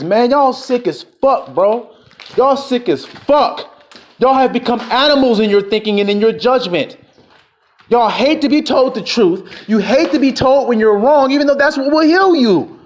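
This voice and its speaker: A man delivering an angry, profane street sermon, scolding his listeners and mocking the voices of people he quotes. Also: very high-pitched. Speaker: preacher.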